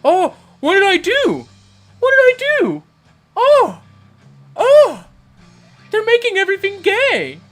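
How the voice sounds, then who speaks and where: A man voicing a whiny, indignant male chat troll in a shrill mocking whine. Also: huge pitch swings, slow, long pauses, a bit bright, soft background music, exaggerated voice. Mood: whiny mockery.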